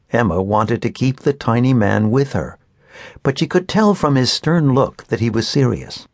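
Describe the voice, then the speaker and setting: Male audiobook narrator for kids, very lively intonation, dry close sound. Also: medium pitch, moderate pace, no room sound. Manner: animated, expressive storytelling. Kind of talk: scripted narration of a children's book.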